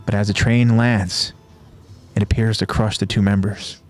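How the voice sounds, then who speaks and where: Low-voiced man recapping a show. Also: normal speed, faint music behind. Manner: steady, descriptive storytelling. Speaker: podcast host. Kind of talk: retelling an anime episode scene by scene.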